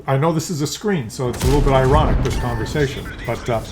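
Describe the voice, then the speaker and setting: A man's voice: mid-range voice, quick pace, noisy background. Rambling male YouTube commentator. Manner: rambling and conversational, with hesitant fillers and restarts; drops into brief acted voices for examples. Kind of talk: casual video commentary.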